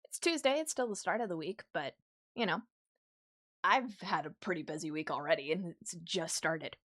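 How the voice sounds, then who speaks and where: A young woman streamer chatting casually with her viewers while she draws, easily excited and quick to laugh. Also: on the low side, no echo, studio quality. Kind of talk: casual livestream chat while drawing.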